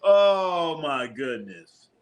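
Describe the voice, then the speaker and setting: A man's voice: a little high, sing-song, drawn-out words. Joking man streaming a watch party. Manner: loose, joking, repeats himself, talks to chat. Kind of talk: casual live play-by-play and chat reactions.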